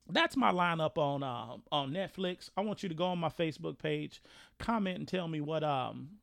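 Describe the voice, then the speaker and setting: A man hosting a podcast, talking in an animated, rambling way with many restarts. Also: high-pitched, vocal fry, dry recording, studio quality. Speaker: podcast host. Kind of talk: casual podcast talk.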